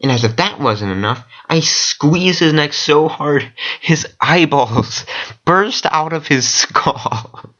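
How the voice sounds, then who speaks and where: A man telling a rambling story in casual vlog style, excitable and profane, with lots of fillers. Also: a little high, takes it slowly, highs cut off. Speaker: vlogger recounting dreams.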